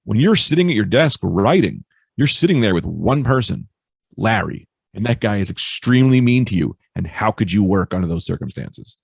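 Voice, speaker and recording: A male stand-up comedian telling stories in a casual interview, animated and swearing freely. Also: fairly low pitch, normal speed, creaky, breathy edge, no room sound, studio quality. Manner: animated storyteller, swears freely, acts out quoted voices. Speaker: stand-up comedian, podcast guest.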